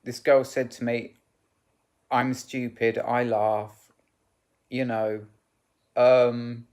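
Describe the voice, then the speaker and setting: Man vlogging a personal story, slow and rambling, halting with many restarts, candid and emotional. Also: mid-range voice, level tone, darkish tone. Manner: rambling and halting, full of "you know" and restarts.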